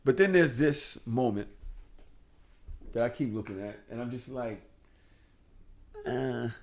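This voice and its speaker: A man with a mid-pitched voice sits in on a relaxed podcast chat. He tells his stories bluntly and with a lot of profanity, getting animated as he goes. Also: moderate pace. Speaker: podcast host. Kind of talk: casual chat.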